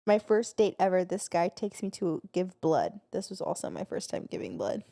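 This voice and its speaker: A young woman co-hosting a podcast in casual chat, blunt and quick to laugh. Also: lowish voice, big pitch swings, creaky, dark tone, no room sound, clean studio sound. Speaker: podcast co-host.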